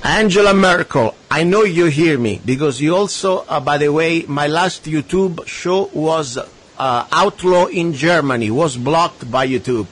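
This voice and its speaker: A man with an Italian accent hosts a talk radio show. His voice is husky and sits a little high, and he rants and mocks in a loud, emphatic way. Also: a little slow. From Italy. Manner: ranting, sarcastic, emphatic. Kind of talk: talk radio chat with a guest.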